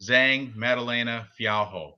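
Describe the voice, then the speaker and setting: A man's voice: medium pitch, measured pace, clear, resonant tone, highs cut off. A man in his forties chatting casually about fight picks as a podcast co-host, joking and laughing often. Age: 40s. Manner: joking, laughs often, does silly voices.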